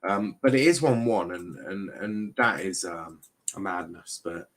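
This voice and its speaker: A young Englishman with a low voice hosts a casual live football watchalong at an unhurried pace, on a rough recording. The streamer banters with chat in mock outrage and often restarts his sentences.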